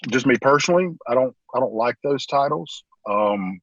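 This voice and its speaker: Husky-voiced pastor talking earnestly. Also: male voice, mid-range voice, lively intonation, normal speed, a bit bright, no echo, muffled recording. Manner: rambling, earnest, often says "man". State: emotional, holding back tears. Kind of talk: casual interview talk.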